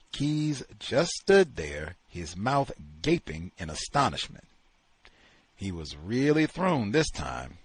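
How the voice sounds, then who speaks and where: A man reads a novel aloud in a husky voice, his pitch rising and falling dramatically. He takes his time, slow and deliberate. The sound is dry and close. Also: no echo. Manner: expressive, dramatic storytelling. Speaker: host reading a novel aloud. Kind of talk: reading a novel aloud with commentary.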